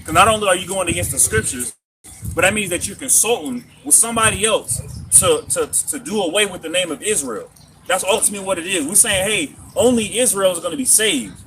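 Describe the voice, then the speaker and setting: A man reading scripture slowly and deliberately, then talking it over in a casual discussion. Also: high voice, animated, bright, forceful tone, slight background noise, low-quality recording. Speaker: scripture reader.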